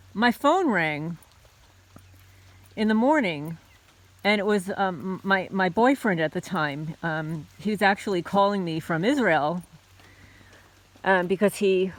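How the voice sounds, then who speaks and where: A woman's voice: fairly low pitch, slow, pauses often, dry recording. A middle-aged woman from the United States, hosting her own channel, tells a personal story in a loose, conversational way, full of fillers and restarts. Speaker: homesteading channel host.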